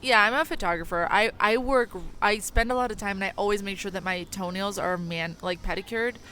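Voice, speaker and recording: A woman's voice: mid-range voice, a little fast, bright, forceful tone, smooth. A young woman from Illinois, a comedian guest, chatting casually in a wine bar with wry, self-deprecating humor. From Illinois, USA. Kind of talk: casual chat.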